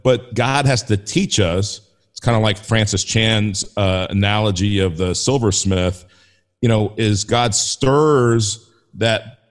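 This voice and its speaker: A man talking as a guest in a casual faith conversation, enthusiastic and rambling with frequent restarts. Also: on the low side. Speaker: podcast guest.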